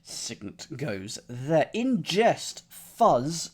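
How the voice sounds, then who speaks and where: A man's voice: on the high side, expressive, a little slow, darkish tone. A man solving a crossword live on stream, thinking aloud in a playful, muttering way. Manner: playful, muttering to himself while reasoning.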